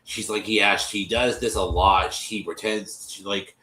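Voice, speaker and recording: A podcast host rambles through a casual retelling, full of restarts. His lowish voice has a bright, forceful edge. It rings in an echoey room. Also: steady tone, measured pace.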